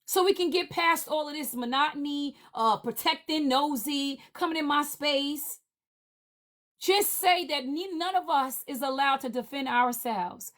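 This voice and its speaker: A woman with a high-pitched voice delivers a heated livestream rant. She hammers the same demands over and over in an indignant, forceful way. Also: unhurried. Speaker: livestream panelist.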